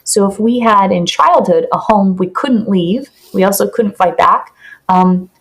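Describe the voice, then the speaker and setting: A woman's voice: medium pitch, a little slow. A woman talks through ideas on a podcast in an earnest, teaching manner. Her voice sits in a middle range for a woman. She reaches for vivid everyday examples to make her points. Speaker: podcast guest, somatic practitioner. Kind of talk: explanatory podcast talk.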